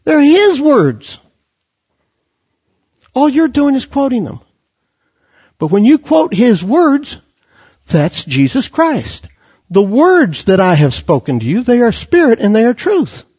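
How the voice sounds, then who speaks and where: A man delivers a fiery sermon in a high, husky voice that leaps around in pitch. He quotes scripture and presses his listeners with rhetorical questions. The recording is dull and lo-fi. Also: huge pitch swings, takes it slowly, pauses often, a little mellow. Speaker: preacher.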